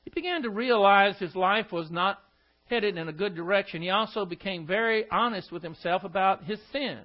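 High-pitched guy preaching, lots of "isn't that what he's saying?" type questions, kinda scornful, muffled lo-fi sound. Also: moderate pace. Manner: rhetorical questions, scornful asides. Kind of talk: sermon. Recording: dull lo-fi recording.

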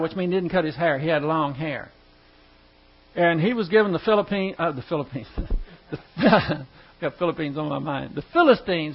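A man teaching a Bible lesson in a chatty, joking way, reading scripture aloud and adding asides. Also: high voice. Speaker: preacher. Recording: dull lo-fi recording with mains hum.

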